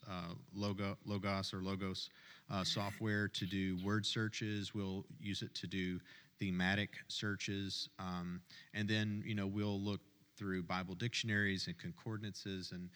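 A man, a pastor, speaking in a halting way with many fillers and restarts on a church panel. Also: deep voice, a bit bright, long reverb tail.

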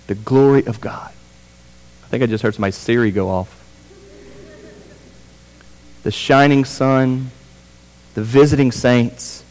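A man preaching a sermon as pastor, building with fervor through repeated phrases and dropping low for quiet emphasis. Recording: church hall with long reverb.

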